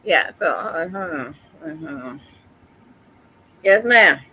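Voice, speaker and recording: A young woman hosts a laid-back podcast, her tone bright and ringing. She sounds teasing and exasperated, with faint background noise behind her. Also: low-pitched, animated, slow. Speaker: podcast host. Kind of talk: casual chat.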